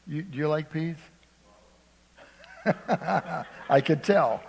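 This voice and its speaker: A man's voice: a little high, slow, gravelly, long pauses, husky. Preacher man, echoing church hall. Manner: emphatic, asks the congregation "Amen?" often, acts out quoted speakers. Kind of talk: sermon. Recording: long reverb of a large hall.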